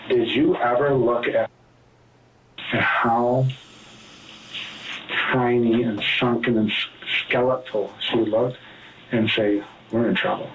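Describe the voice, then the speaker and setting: A man's voice: mid-range voice, fairly even intonation, slow pace, long pauses, highs cut off. A man working as a police interrogator, pressing his questions and repeating himself. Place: interrogation room. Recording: echoey noisy interrogation room.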